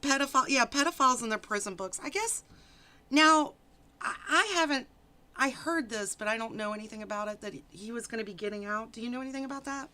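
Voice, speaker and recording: A woman's voice: a little high, quick pace, sharp tone. A woman hosting a casual live stream, giggling often and greeting viewers in the chat by name. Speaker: stream host.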